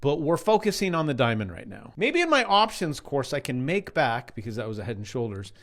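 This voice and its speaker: A man's voice: mid-range voice, huge pitch swings, fairly quick, a bit bright. A middle-aged man in a casual vlog, ranting sarcastically and mimicking doubters while walking through trading charts. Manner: sarcastic, jumpy, mocking voices of doubters. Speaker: crypto trading vlogger. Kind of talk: casual rant and chart walkthrough.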